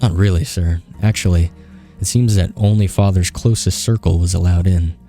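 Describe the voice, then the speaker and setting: A man's voice: deep voice, moderate pace, soft background music. A man reading an evasive young suspect. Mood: guarded. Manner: short, flat, evasive answers. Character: quiet young man under police questioning.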